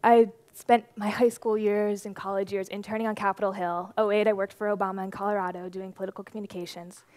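A woman in her twenties gives a conference talk from the stage, telling her story in a lively, animated way. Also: mid-range voice, quick pace, few pauses, no echo. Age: 20s. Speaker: conference speaker.

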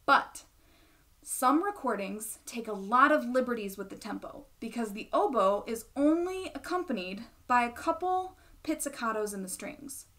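Patient woman teaching, slightly high voice. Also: lively intonation, normal speed, pushed and bright. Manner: patient, explanatory, checks in with "right?". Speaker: bassoon teacher. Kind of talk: instructional explanation.

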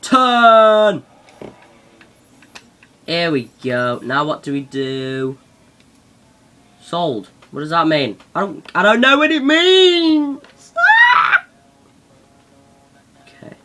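A young man giving excitable let's-play commentary, yelping and shouting at the game as he plays. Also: fairly high pitch, takes it slowly, long pauses, very noisy. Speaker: gaming channel host.

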